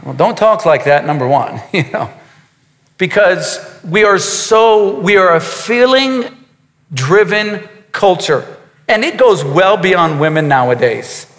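A man's voice: sits high, animated, slow pace, a bit bright, long reverb tail. A man preaching a sermon as a pastor, emphatic, with repetitions and asides to his congregation.

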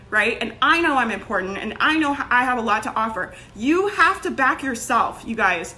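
A woman's voice: fairly high pitch, expressive, a little fast, few pauses, sharp tone, slight background noise. A young woman giving a casual motivational talk as a business coach, candid and swearing now and then, with lots of "like" and "right?".

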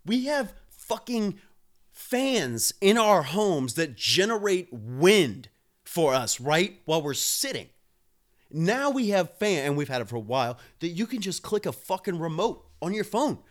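An unhurried man with a high, sing-song voice rants on his live stream, cursing heavily and answering viewers between drinks of beer. He's fired up and speaks right to his audience.

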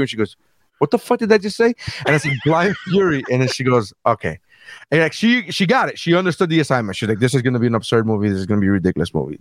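A man co-hosting a casual podcast, telling stories in an animated way and swearing freely. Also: mid-range voice, slight background noise. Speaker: podcast co-host.

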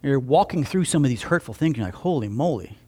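A man's voice: mid-range voice, expressive, fast talker, a little mellow, slightly rough. A man pastor preaching a conversational sermon, telling a story and acting out both sides of the dialogue, often restarting with repeated words.

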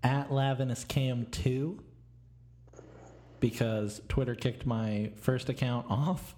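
A young man co-hosting a casual podcast, tossing out deadpan wisecracks. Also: medium pitch, slow. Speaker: podcast co-host. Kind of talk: casual chat.

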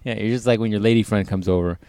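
A man's voice: on the low side, fairly even intonation, racing, mellow, smooth, no room sound. A young man co-hosting a podcast, swearing and joking crudely in casual chat, laughing often. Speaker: podcast co-host.

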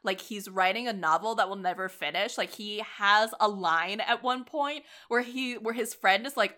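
A woman's voice: medium pitch, moderate pace, few pauses, bright, forceful tone. A woman co-hosting a podcast, chatting casually and sarcastically about a film, laughing often. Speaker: podcast co-host. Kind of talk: casual film review chat.

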